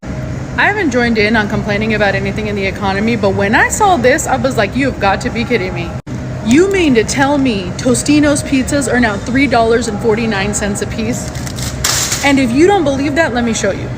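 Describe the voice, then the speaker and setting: A woman complains to camera with dramatic, wry exasperation. Her voice sits fairly high. Loud outdoor and traffic noise runs behind her. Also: animated, a little fast. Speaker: vlogger. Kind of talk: comic complaint vlog.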